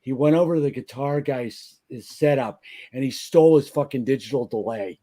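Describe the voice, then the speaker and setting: A man with a mellow, relaxed tone tells long, rambling anecdotes. His talk is loose and profane, full of restarts and asides. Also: mid-range voice, moderate pace. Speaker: podcast guest, band member. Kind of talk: casual storytelling chat.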